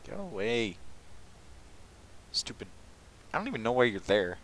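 A man's voice: lowish voice, very animated, a little fast, low-quality recording. Sarcastic young man commentating gameplay. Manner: sarcastic, exasperated, self-mocking. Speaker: gaming commentator.

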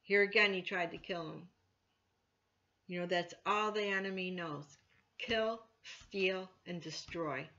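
Bright-voiced woman teaching scripture. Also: lowish voice, slow pace, dull audio. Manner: conversational, many "you know" fillers, rises loudly when quoting scripture. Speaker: church elder teaching scripture. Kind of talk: informal Bible teaching.

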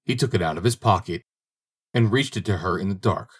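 A man narrating a fairy-tale audiobook in a husky voice that sits on the low side. His delivery is steady and measured, telling the story plainly.

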